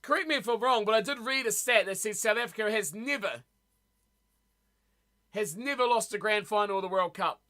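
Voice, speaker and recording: Chatty high, bright-voiced male streamer. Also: brisk. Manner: chatty, reacts to chat, repeats words. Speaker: streamer reading live chat. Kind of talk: casual live-stream chat.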